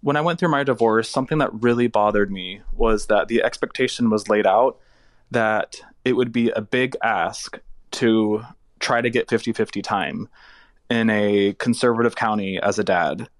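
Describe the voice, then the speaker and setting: A man from Texas leaving a recorded voicemail question for a podcast, earnest and steady. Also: lowish voice, moderate pace, no echo. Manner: earnest and steady, plainly stating a grievance. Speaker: caller.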